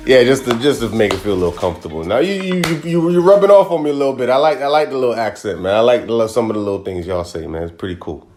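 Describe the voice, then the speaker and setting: A man's voice: fast talker, few pauses, faint music behind. A man co-hosting a casual sports podcast, playful and teasing, his voice jumping up when he jokes around. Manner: playful, teasing, animated, jumps high when joking. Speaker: podcast co-host.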